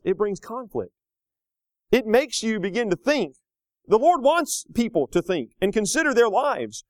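A man in his thirties preaching a sermon, rising to loud, slow emphatic lines and dropping to quiet, casual asides. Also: dry recording. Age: 30s. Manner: swings between loud emphatic peaks and low conversational asides; slows down hard on key phrases.

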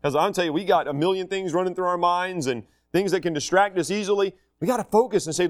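A man's voice: high-pitched, fast talker, few pauses. A middle-aged man preaching a sermon in a conversational, self-deprecating way with humor.

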